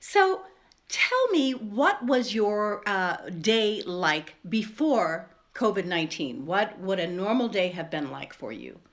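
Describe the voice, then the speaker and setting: Woman, podcast host, effusive, enthusiastic, very lively intonation, interview. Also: medium pitch, slow pace.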